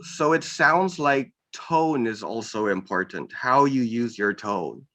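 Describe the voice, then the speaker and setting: A man interviewing a guest, talking slowly and searching for words with many pauses and restarts. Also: mid-range voice, animated, bright, forceful tone. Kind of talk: casual interview talk.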